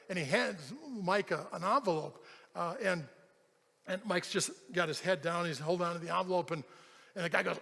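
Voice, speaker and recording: With a somewhat high voice, some vocal fry, and a normal pace, a pastor tells a story in his sermon, animatedly acting out the quoted voices. The recording echoes with the long reverb of a big hall.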